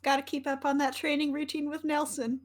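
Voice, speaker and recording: A woman's voice: high-pitched, little pitch movement, brisk. A woman playing a tabletop role-playing game, making bubbly remarks. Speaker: player.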